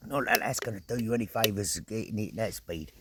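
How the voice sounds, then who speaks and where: A middle-aged man vlogging outdoors at an evening camp, telling a story in a casual, animated way, full of slang, swearing and sound effects. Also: on the low side, brisk, noisy background.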